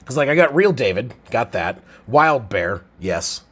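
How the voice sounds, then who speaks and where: A man live-streaming play-by-play commentary while reading chat, a little drunk and with a strained throat, swinging from low mumbles to loud shouts. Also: lively intonation, measured pace, few pauses, breathy edge. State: tipsy, drinking. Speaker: livestream sports commentator.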